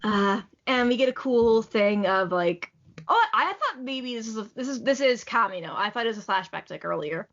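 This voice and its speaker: With a fairly high pitch, big pitch swings and a slightly bright tone, a woman recaps a manga chapter as a podcast co-host. She chats eagerly, filling gaps with "like" and quick laughs, and the lo-fi recording is slightly muffled.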